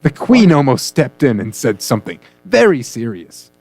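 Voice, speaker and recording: A man's voice: medium pitch, wildly swooping pitch, moderate pace, creaky, a little mellow, dry recording, soft background music. A man co-hosting a comedy news radio show, joking and punning through the stories. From United States. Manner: jokey, punning, playful delivery.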